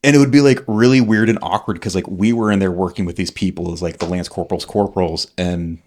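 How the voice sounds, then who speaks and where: A man's voice: low voice, fairly even intonation, fast talker, a little mellow. A man in his forties, a military veteran guest, telling stories in casual chat, rambling with lots of fillers and freely swearing. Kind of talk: casual conversational storytelling.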